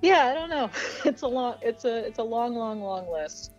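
Laughing actress guest, slightly dull sound. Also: female voice, a little high, lively intonation, normal speed, soft background music. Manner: warm, laughs often, guarded about upcoming work. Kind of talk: casual interview chat.

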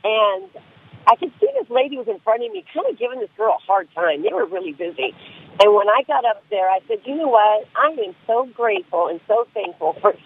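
A man's voice: high voice, big pitch swings, fairly quick, husky. A middle-aged man calling in to a radio show, talking in an earnest, rambling way over a tinny phone line. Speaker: caller.

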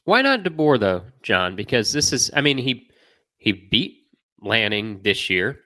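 A lower-voiced man hosting a casual sports podcast, chatty and lively, often breaking into laughter. The sound is dry and close to the mic. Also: measured pace, no echo. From American Midwest. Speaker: podcast host.

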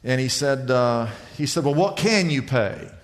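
A man preaching a sermon as pastor, telling a story with lively delivery and acting out the people he quotes. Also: mid-range voice, a little slow, big-room sound. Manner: animated storytelling, voicing other people in anecdotes.

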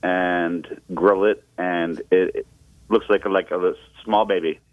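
Deep-voiced man on a tinny phone line. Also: steady tone, dry recording. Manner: halting, lots of fillers. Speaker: radio show caller. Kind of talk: casual phone chat.

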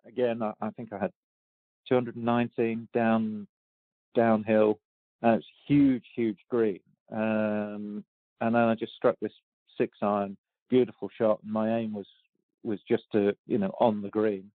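A golf champion in his sixties, his voice on the low side with little pitch movement, tells stories at a measured pace in a relaxed interview. He hesitates a lot, piling up ums and restarts, and laughs easily. The tinny phone line is dry, with no echo.

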